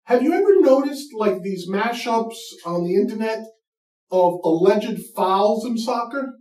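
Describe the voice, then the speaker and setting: A man's voice: sits high, expressive, unhurried, a little mellow. A man hosting a comedy show, ranting in a mocking, profane, emphatic way. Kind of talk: comedic rant. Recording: echoey room, mic far off.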